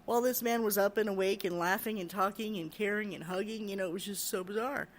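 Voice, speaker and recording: Halting woman telling a ghost story. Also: mid-range voice, a little hiss or hum. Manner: halting, repeats words, nervous laughs. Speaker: care worker recounting a paranormal experience. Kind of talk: personal storytelling.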